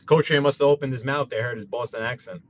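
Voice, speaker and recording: A man with a New York accent, chatting casually on a live stream while he drives, reading viewer messages aloud and breaking into animated outbursts. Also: medium pitch, fast, muffled recording. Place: inside a car.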